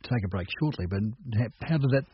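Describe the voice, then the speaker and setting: A man's voice: medium pitch, animated, quick pace, breathy edge. A man hosting a radio interview, prodding his guest with leading questions. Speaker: radio host. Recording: dull radio recording with faint noise.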